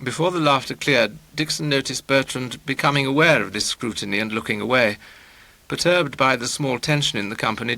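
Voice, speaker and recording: A man narrating a novel in a measured, wry storytelling manner. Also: medium pitch, bright, forceful tone, rough recording. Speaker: audiobook narrator.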